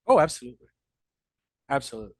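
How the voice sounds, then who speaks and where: Quick and very animated, a middle-aged combat veteran tells war stories in an interview with a mid-range, darkish voice and a breathy edge. He's profane and direct, restarting often, and the recording is dry.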